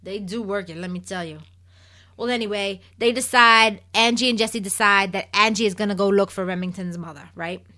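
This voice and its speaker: A chatty, opinionated woman hosts a recap show and keeps talking straight to her listeners as "people." Her voice sits at a middle pitch and sounds close and dry, with no room around it. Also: a little fast, bright, forceful tone, no room sound. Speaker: soap opera recap host. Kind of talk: casual chat.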